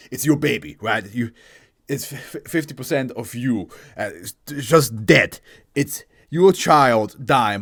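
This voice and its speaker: A man hosting a casual anime reaction, animated and profane. He laughs often and bursts into shouting. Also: mid-range voice.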